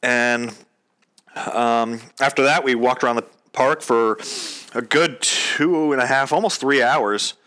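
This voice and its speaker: Bright, crisp young man telling a story. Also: mid-range voice, takes it slowly. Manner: casual and profane, acts out both sides of a remembered conversation. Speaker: storyteller recounting his proposal. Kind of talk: casual storytelling.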